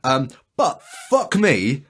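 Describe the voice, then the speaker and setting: A man's voice: mid-range voice, wildly swooping pitch, slow, breathy edge. A man hosting a podcast in casual chat, enthusiastic and rambling, swearing freely. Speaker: podcast host.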